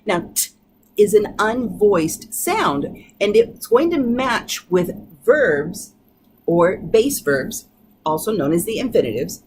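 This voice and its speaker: Slow, patient woman teaching pronunciation. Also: medium pitch, very animated, a little mellow, husky. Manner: slow, drawn-out modeling of sounds, patient. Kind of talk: pronunciation lesson.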